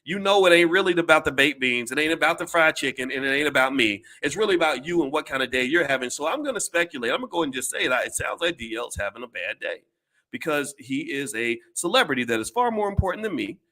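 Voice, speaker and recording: A man's voice: a little high, lively intonation, fast, bright, forceful tone. A man giving casual commentary to his audience, blunt and emphatic, with some swearing, often repeating words and restarting his sentences.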